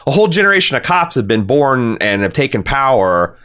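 A man's voice: medium pitch, big pitch swings, a little fast, bright, forceful tone, clean tone. A man hosting a casual podcast discussion, talking in a rambling way with many restarts and fillers. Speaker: podcast host.

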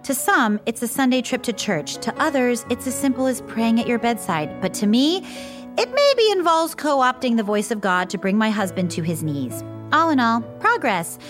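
A woman's voice: fairly high pitch, very animated, normal speed, soft background music. A woman playing a breezy, cheerfully oblivious mother and wife in a comedy sketch.

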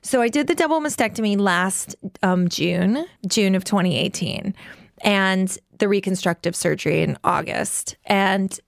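A woman in her forties from New York with a gravelly, fry-edged voice. She talks bluntly and swears freely, telling her story in quick run-on bursts packed with "like". The sound is close and dry. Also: mid-range voice, no room sound. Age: 40s. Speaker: guest. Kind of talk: candid personal storytelling in conversation.

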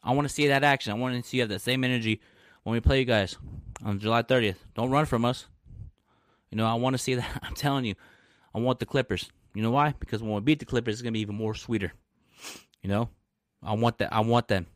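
A man hosting a casual live-stream podcast, talking trash with brash, animated energy and frequent laughs. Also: mid-range voice, fast, dry recording, clean studio sound. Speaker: podcast host.

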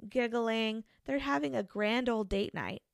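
A woman's voice: fairly high pitch, unhurried, vocal fry, smooth, dry recording. Woman telling a true-crime story, dry mic. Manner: conversational, frequent fillers and restarts. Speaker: podcast co-host.

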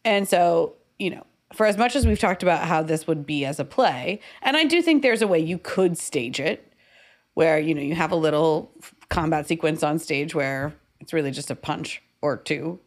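A woman with a fairly low voice talking through a scene in casual podcast chat. She thinks aloud, trailing off and restarting with plenty of fillers. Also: animated, normal speed. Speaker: podcast co-host. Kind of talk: casual chat about screenwriting.

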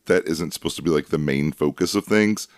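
A man co-hosting a podcast, chatting casually and making wry, deadpan comments. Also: rumbling low, fairly quick, dry recording, studio quality. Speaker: podcast co-host. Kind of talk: casual chat.

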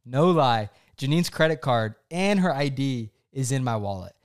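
A man's voice: medium pitch, moderate pace. A young man, co-host of a chat, telling a personal story casually and acting out what he said back then. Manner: animated, acts out his own past quotes.

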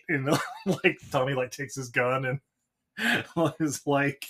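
A man co-hosting a podcast in casual chat, joking and laughing as he acts out film scenes in quick voices. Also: mid-range voice, fairly bright tone. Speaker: podcast co-host. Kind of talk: casual chat recapping a movie.

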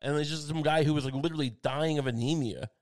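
A man's voice: fairly high pitch, fast talker, darkish tone. A man ranting casually in a monologue, rambling and sardonic, with frequent swearing and restarts.

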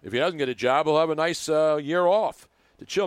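A man's voice: fairly high pitch, a little fast, clear, resonant tone, no echo. A man hosting a sports talk radio show, bantering in a boisterous, joking, rambling way.

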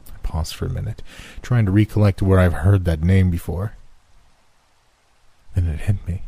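A man narrating a first-person scary story in a slow, measured, suspenseful reading. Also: low voice, dark tone, husky, no room sound.

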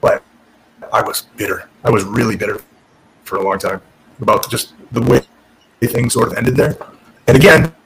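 A man's voice: medium pitch, moderate pace, creaky, pauses often, a bit bright, a little hiss or hum, poor audio. A middle-aged man, a former pro wrestler, candidly telling his career story in an interview, frank and profane, often restarting his sentences.

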